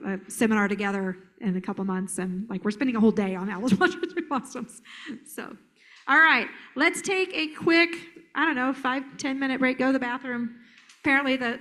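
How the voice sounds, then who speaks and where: Brief: middle-aged woman therapist presenting a workshop, playful and animated, slightly high voice. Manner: lively, playful, acts out children's voices. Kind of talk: conference workshop talk. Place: conference hall.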